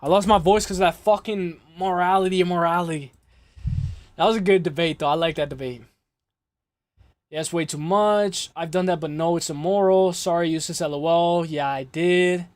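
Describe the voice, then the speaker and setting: A man hosting a casual livestream, rambling and cursing as he makes fight picks, his voice hoarse and worn out. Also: a little high, steady tone, moderate pace, no room sound. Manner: rambling, repeats himself, curses freely. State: lost his voice. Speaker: livestream host.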